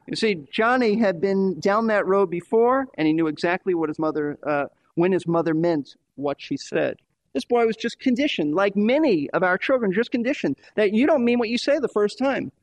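A man's voice: high voice, animated, normal speed, no room sound. A man preaching a sermon in an emphatic way, repeating key phrases for stress.

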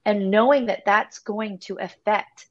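A woman talks through her feelings in a candid faith chat, emotional and halting, stopping and restarting as she goes. Her voice sits in a middle range. The recording sounds dull and lo-fi. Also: medium pitch, steady tone. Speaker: podcast co-host.

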